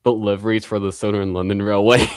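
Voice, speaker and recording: A man's voice: on the low side, fairly even intonation, brisk, a little mellow, clear, resonant tone, no room sound. A young man streaming, chatting casually in a rambling way with lots of fillers and little laughs.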